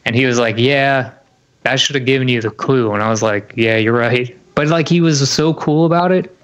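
A man's voice: medium pitch, moderate pace. A young man telling a story in casual chat, full of fillers and swearing. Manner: swears a lot, lots of "like" and "you know".

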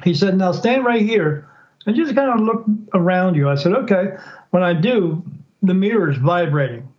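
Guesting on a podcast, a psychic with a high voice tells a story at a moderate pace in a relaxed interview. He's animated, changing voices to play out what others said, and the audio is dull.

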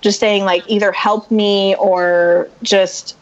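Woman, podcast guest, casual storytelling, animated, dull lo-fi sound. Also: medium pitch, slow. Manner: animated, acts out quotes.

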